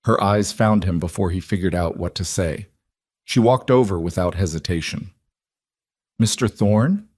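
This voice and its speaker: A man narrating a scripted western romance story in an even, steady storytelling manner. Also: low voice, normal speed, slightly rough, no echo, clean studio sound.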